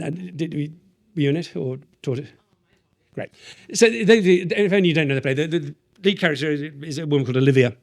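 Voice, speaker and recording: Brief: British male teacher running a lively, playful drama workshop with lots of audience questions. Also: mid-range voice. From Britain. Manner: animated, playful, taps out verse rhythms aloud. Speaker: workshop leader.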